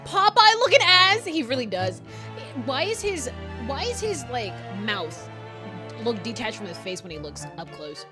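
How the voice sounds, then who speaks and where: A young woman streaming a game, chatting casually, swearing freely, laughing and reacting loudly to what happens on screen. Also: mid-range voice, measured pace. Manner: profane, giggly and animated, reacting out loud. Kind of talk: casual gaming commentary. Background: loud game music.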